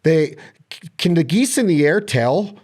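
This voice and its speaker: A man hosting a podcast, asking eager, halting questions with lots of restarts. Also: on the high side, animated, a little mellow. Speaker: podcast host. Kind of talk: casual chat.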